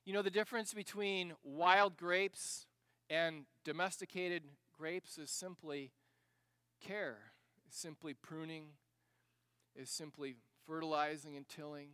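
A man preaching a sermon, dramatic, dropping to a hush and then rising to loud emphasis as he acts out passages. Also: fairly high pitch, steady tone, a little slow, smooth, no room sound. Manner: dramatic, shifts between hushed and loud; acts out the scripture passages he reads.

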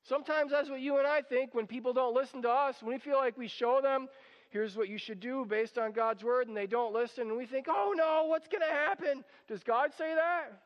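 High-voiced man preaching in a reverberant hall. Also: brisk. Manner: animated, acts out quoted voices. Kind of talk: sermon. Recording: dull sound with long hall reverb.

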